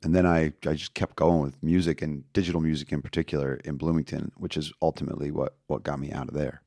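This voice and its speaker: Deep-voiced man telling his story. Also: quick pace, vocal fry, no room sound, studio quality. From Indiana, USA. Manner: animated storyteller, acts out quoted voices. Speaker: guest. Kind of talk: casual storytelling interview.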